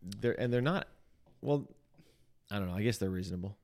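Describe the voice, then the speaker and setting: A man's voice: fairly low pitch, brisk, darkish tone. A man hosting a faith podcast as lead pastor, opening with a scripted intro and then joking around in casual chat, often restarting his sentences. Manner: playful, jokey, trails off into restarts.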